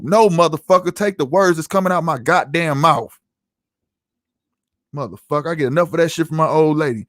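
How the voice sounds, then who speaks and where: Fairly bright and on the high side, this man's voice moves a little fast as he rants heatedly, profanely, and emphatically at his live chat. He's a middle-aged podcast host on a solo livestream, and the sound is studio quality with no echo.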